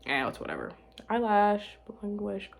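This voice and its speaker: A young woman chatting to camera about her life, rambling and restarting, giggling and dropping to quiet murmurs. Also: medium pitch, wildly swooping pitch, moderate pace, vocal fry. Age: young adult. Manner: rambling, self-interrupting, giggly, drops to murmurs. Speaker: vlogger. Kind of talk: casual chat to camera.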